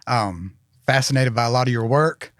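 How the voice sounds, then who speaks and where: Man, podcast host, easygoing questions, dry sound, mid pitch. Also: normal speed, a bit bright, no echo. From Birmingham, Alabama, US. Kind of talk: casual interview chat.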